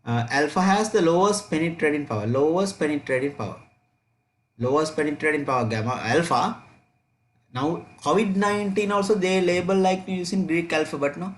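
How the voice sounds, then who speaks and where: A man's voice: fairly high pitch, animated, normal speed. A man teaching an online chemistry revision class, repeating key points and checking students' answers aloud.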